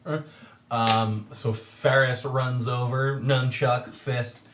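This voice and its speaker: A man narrating a tabletop game as game master, animated and playful. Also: mid-range voice, takes it slowly, echoey room. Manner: animated, acts out enemy cries.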